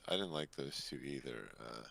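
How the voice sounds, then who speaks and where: A man's voice: very deep voice, animated, normal speed, vocal fry, pushed and bright, dry recording. A man chatting laid-back on a podcast over a laggy online call, trailing off into mutters. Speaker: podcast co-host. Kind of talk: casual chat. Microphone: online voice call, lagging.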